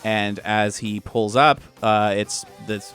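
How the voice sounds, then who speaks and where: A man's voice: on the low side, fairly even intonation, slow pace, a bit bright, faint music behind. A man narrating as game master of a tabletop role-play, in a loose, filler-heavy way.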